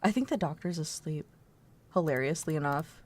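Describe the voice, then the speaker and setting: A woman's voice: sits low, moderate pace, background noise. A woman streaming a video game, chatting playfully with viewers and giggling often. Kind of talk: casual gameplay commentary.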